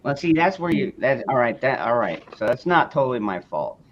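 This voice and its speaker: A man's voice: medium pitch, sing-song, fairly quick, dull audio, a little hiss or hum. Blunt, profane man chatting casually. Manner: blunt, profane, talks in restarts. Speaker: host. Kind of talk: casual podcast chat.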